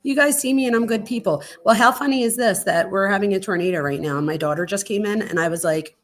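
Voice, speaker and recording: A woman talking casually and excitably to her livestream viewers from home, filling her sentences with "like". Her voice sits at a middling pitch for a woman. She hosts a true crime show. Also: fast talker. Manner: chatty and excitable, lots of "like". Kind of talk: casual live-stream chat. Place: at home during a storm.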